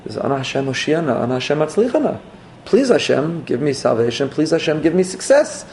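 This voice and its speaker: A man playing a calm, wise old male Hasidic teacher who answers gently. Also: fairly high pitch, a little fast, slight background noise. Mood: gentle.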